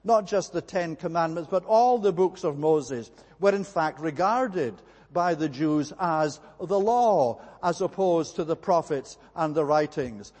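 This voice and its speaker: A man preaching a measured expository sermon, pausing often with "eh" between phrases. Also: a little high, darkish tone. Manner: measured, deliberate, frequent "eh" fillers. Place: church. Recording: church hall with long reverb.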